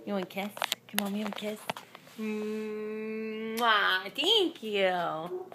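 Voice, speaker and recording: A woman's voice: mid-range voice, very animated, normal speed, background noise. A mother coaxing her toddler in baby talk, sing-song and often laughing.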